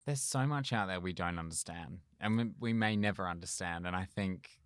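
A man, a medium, calmly and reflectively answering in an interview. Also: deep voice, moderate pace, no echo, clean studio sound. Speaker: medium, guest.

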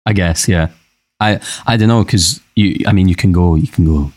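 Deep-voiced guest, rambling. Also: male voice, moderate pace, a little mellow, no room sound. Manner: rambling, hesitant, with many fillers. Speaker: musician guest. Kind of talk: casual chat.

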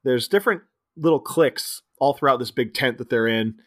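Animated man recapping a movie. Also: medium pitch, fairly quick, no room sound, studio quality. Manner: animated retelling with put-on quotes. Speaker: podcast co-host. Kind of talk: casual movie recap chat.

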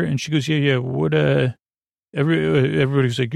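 A man hosting a bedtime story show, retelling an episode in a meandering, halting way with many fillers, self-corrections and dry offhand humor. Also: mid-range voice, fairly even intonation, vocal fry, dry recording. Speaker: podcast host. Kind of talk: rambling bedtime episode recap.

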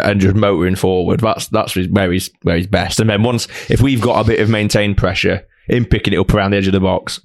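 Low-voiced man rambling about football. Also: gravelly, dry recording, clean studio sound. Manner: rambling, many restarts. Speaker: podcast co-host. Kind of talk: casual football chat.

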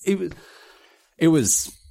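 An Australian man co-hosting a podcast in casual chat, animated and quick to exclaim. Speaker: podcast co-host.

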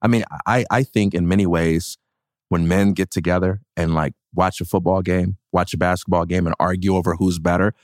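A man's voice: sits low, fairly even intonation, fairly quick, dry recording, studio quality. A man co-hosting a casual podcast, talking in an earnest, reflective way and often calling his friend "man". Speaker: podcast co-host.

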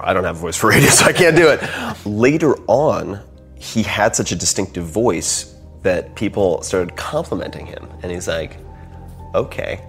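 A man hosting a podcast, chatting casually and animatedly, swinging between loud and soft and acting out quotes. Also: low voice, moderate pace, soft background music. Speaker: podcast host. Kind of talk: casual chat.

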